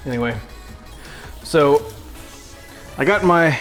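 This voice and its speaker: Goofy male cooking-stream host, unhurried and jokey, faint music under a home-kitchen mic. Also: mid-range voice, expressive. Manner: goofy, jokey, talks to chat and pets while cooking. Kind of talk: casual cooking livestream chat.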